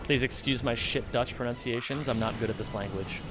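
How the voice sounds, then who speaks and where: A man's voice: medium pitch, fairly quick. Rambling, swearing American young man. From United States. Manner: rambling, swears freely, heavy use of filler "like". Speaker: streamer. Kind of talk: casual chat during a game livestream. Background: background music.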